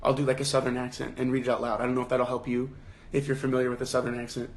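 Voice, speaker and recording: A man's voice: mid-range voice, monotone, very fast. Young male book club host on a phone livestream. Casual, chatty, full of restarts. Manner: thinks aloud with many restarts and fillers; reads quoted lines in a raised acted voice.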